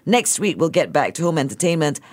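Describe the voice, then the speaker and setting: Radio host, playful and teasing, mid pitch. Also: big pitch swings, quick pace. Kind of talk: casual radio chat.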